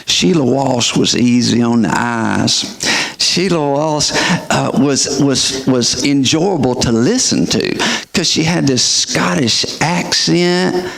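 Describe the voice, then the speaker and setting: A man's voice: medium pitch, slow, creaky, fairly bright tone. A middle-aged male pastor who preaches a sermon and asks his listeners emphatic questions. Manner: emphatic, rhetorical questioning of the audience.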